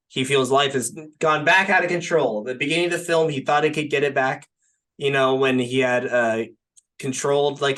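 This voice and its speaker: Here's a young male podcast co-host with a mid-range, somewhat bright voice, talking loosely about movies. He wanders from point to point, stuffing his speech with fillers and frequently tossing in "like" and "right?"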